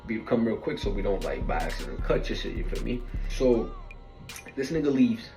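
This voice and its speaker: A man's voice: on the low side, sing-song, normal speed. Rambling slangy man telling stories. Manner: slangy, rambling, heavy fillers. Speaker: storyteller. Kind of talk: casual storytelling. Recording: roomy echo from a distant mic, faint music.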